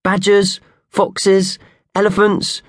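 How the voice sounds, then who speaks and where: Man voicing practical little mouse in a kids' story, high, calm and reasonable. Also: slow, no echo, clean studio sound. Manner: reasonable, matter-of-fact explainer. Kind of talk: audiobook character voice.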